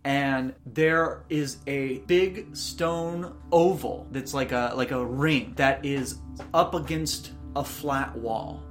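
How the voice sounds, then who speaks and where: A woman's voice: very deep voice, slow pace, faint music behind. A woman narrating as game master, describing scenes loosely with many filler words. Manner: casual, lots of "like" fillers.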